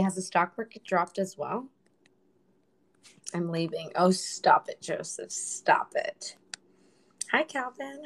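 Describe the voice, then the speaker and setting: A young woman chatting casually on a livestream, rambling and joking with her viewers. She teases people in a playful way and drops Spanish slang between her English phrases. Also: mid-range voice. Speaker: livestream host.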